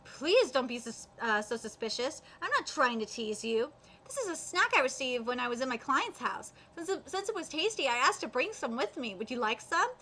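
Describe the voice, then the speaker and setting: A woman's voice: sits high, big pitch swings, normal speed, pushed and bright, a little hiss or hum, heavily acted. A woman reading as a sly, teasing male exorcist. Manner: read aloud with hesitant fillers.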